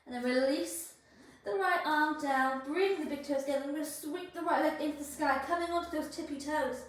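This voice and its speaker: A woman's voice: sits high, a little fast, heavy reverb, distant mic, poor audio. A woman leading a yoga class, cueing poses and breaths in an encouraging way and getting out of breath as she goes. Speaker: yoga instructor. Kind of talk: guided yoga class instruction.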